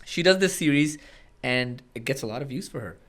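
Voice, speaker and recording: A man's voice: medium pitch, animated, brisk, a bit bright. A young man, a comedian and vlogger, telling stories in a casual podcast chat and acting out his own past lines with animation.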